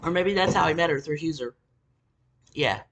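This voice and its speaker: A woman's voice: sits low, moderate pace, slight background noise. A woman telling an angry storytime rant about an old job, swearing heavily and venting. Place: Tennessee.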